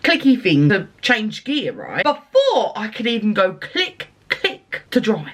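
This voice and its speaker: A woman's voice: medium pitch, wildly swooping pitch, unhurried. A woman telling a rambling story to her vlog audience, chatty, laughing and swearing along the way. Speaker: vlogger.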